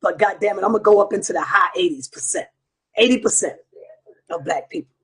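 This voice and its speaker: A man's voice: high-pitched, quick pace, a bit bright, husky. A man hosting an online show, delivering a heated, profane monologue straight to his viewers. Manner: profane, combative, preaching to viewers.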